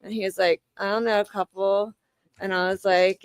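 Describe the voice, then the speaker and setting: A woman's voice: mid-range voice, level tone, moderate pace, clear, resonant tone, no echo, rough recording. A woman in her thirties hosting a livestream, telling a rambling everyday anecdote in casual chat and acting out the back-and-forth dialogue. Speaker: livestream host.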